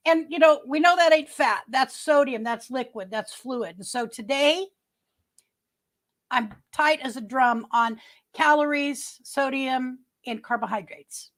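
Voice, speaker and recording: A middle-aged woman hosting a casual livestream, chatting with viewers in a rambling way, restarting her sentences often. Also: sits high. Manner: greets viewers by name. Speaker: livestream host. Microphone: webcam.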